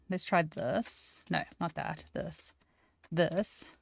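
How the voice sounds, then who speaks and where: Low-voiced woman thinking aloud. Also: fairly even intonation, very slow, gravelly. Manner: thinks aloud, self-deprecating, chatty. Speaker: 3D artist teaching on a live stream. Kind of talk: casual live-stream tutorial.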